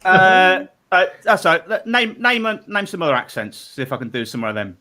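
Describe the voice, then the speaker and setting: A man's voice: sits high, big pitch swings, brisk, pushed and bright. A man hosting a comedy panel show, giggly and rambling as he banters with his guests. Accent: English.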